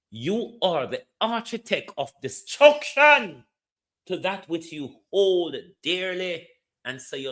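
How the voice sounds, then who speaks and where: A man with a Jamaican accent hosting political commentary, lecturing and firing pointed questions at his listeners. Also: a little high.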